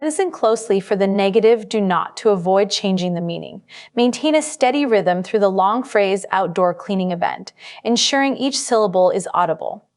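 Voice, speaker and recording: A woman narrating a scripted test-prep lesson as the instructor, in a measured, instructive way. She records as a studio voice-over. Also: medium pitch, lively intonation, darkish tone.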